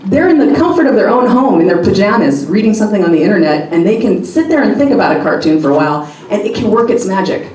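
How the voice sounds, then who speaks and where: A woman talking on a live convention panel, chatty and quick to laugh, with frequent restarts. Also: mid-range voice, sing-song, darkish tone. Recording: echoey hall, mic far off.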